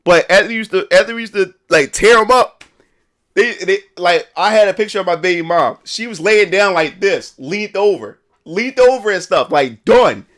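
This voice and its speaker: A young streamer speaks at a moderate pace in a high, expressive, slightly bright voice. His livestream talk is loose and slangy, wandering with lots of fillers and false starts.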